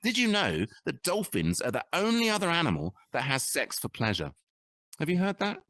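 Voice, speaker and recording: A man's voice: a little high, wildly swooping pitch, normal speed, fairly bright tone, no echo, studio quality. A man in his fifties doing bawdy stand-up comedy in a virtual reality club, rambling, stammering and breaking off into chuckling asides. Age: 50s.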